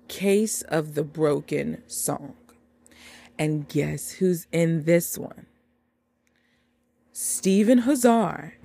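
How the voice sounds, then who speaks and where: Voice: mid-range voice, vocal fry, warm tone. A podcast host in casual chat, reading out upcoming movie announcements with wry, dramatic asides and addressing listeners as y'all.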